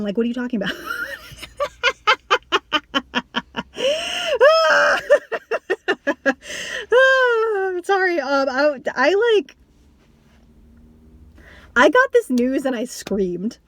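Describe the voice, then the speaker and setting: A young woman talks straight to camera in a loose, rambling way, filling her sentences with "like" and restarting often. Her voice sits a little high, and the sound is close and dry with no room around it. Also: unhurried, long pauses, no room sound. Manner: rambling, full of "like" and restarts, swearing; animated with bursts of laughter. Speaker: vlogger. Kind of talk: casual storytelling to camera.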